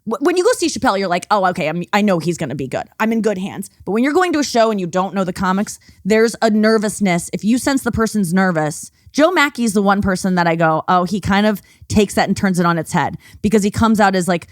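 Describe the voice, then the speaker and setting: A woman comedian chatting as a podcast guest, animated and swearing freely. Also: mid-range voice, quick pace, hardly any pauses, no room sound, studio quality. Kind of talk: casual chat.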